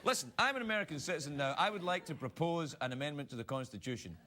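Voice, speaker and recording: Animated male late-night host riffing. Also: on the high side, racing. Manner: animated, mock-indignant, riffing. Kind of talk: comedic bit reading viewer emails. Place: TV studio with live audience. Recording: loud studio audience, live-broadcast noise.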